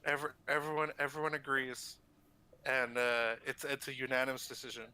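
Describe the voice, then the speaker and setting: Bright-voiced male game master. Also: mid-range voice, level tone, brisk, clean tone, poor audio. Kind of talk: narrating a tabletop game.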